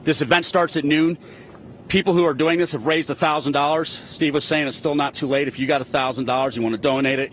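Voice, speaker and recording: A man's voice: medium pitch, a bit bright, slight background noise. A male TV news reporter doing a live field report outdoors on a hotel rooftop, upbeat and chatty with his guests.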